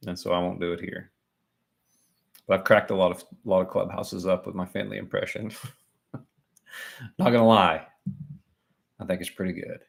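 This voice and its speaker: Deep-voiced joking man commenting live. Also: level tone, fairly quick, vocal fry. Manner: chatty and joking, laughs at himself. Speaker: livestream commentator.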